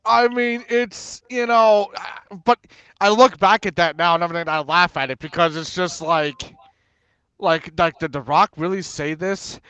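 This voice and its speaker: A man's voice: sits high, moderate pace, clean tone, dry recording. A man chatting casually on an online panel, telling stories animatedly and acting out what people said, often laughing. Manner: animated storyteller, acts out quotes, laughs often. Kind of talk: casual chat.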